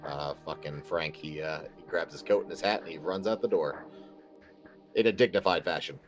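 A man's voice: rumbling low, normal speed, muffled recording, faint music behind. A man playing a tabletop game, joking and laid-back in casual chat. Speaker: player.

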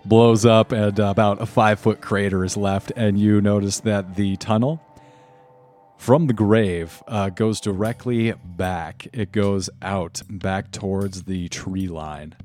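Game master, man, lowish voice, relaxed narration, soft music under it. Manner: relaxed, halting with fillers.

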